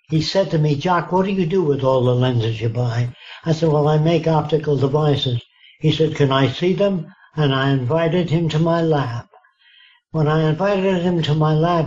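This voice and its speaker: Speaking in a slightly high, slightly mellow voice, a man in his nineties answers questions as a futurist in a conversational interview. He makes his points bluntly and forcefully, often asking whether he's understood, all captured in dull, lo-fi audio.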